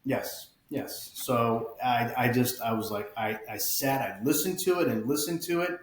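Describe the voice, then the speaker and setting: Man, middle-aged, upstate New York accent, relaxed, plain-spoken, echoey room. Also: medium pitch, measured pace. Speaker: fire battalion chief, guest. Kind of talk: casual interview chat.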